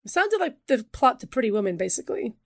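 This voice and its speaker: A woman co-hosts a casual podcast, her voice high and edged with vocal fry. She cuts in with quick, teasing remarks and laughter. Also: big pitch swings, no room sound, clean studio sound. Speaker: podcast co-host. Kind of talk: casual chat.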